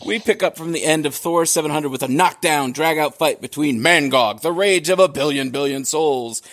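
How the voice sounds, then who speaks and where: A man's voice: on the high side, normal speed, a bit bright. A man co-hosting a casual comics podcast, joking, swearing and laughing often. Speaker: podcast co-host reviewing comics. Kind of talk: casual chat.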